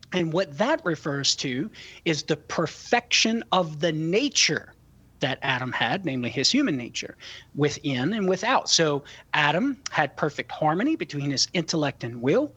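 Male radio expert, slightly high, husky voice, dry studio, measured explaining. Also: a bit bright, dry recording. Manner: careful, explanatory. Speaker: radio show guest expert. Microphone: studio microphone.

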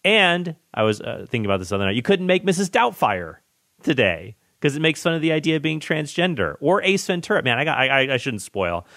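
A man hosting a podcast, chatting about movies in an enthusiastic, rambling way with excited tangents. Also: fairly high pitch, a little fast, no room sound, clean studio sound. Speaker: podcast host. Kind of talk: casual movie chat.

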